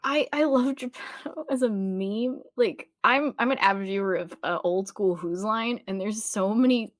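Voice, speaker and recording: A woman co-hosting a podcast, chatting casually, blunt and quick, swearing freely and laughing often. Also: mid-range voice, no echo, studio quality. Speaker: co-host, video editor. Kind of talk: casual chat.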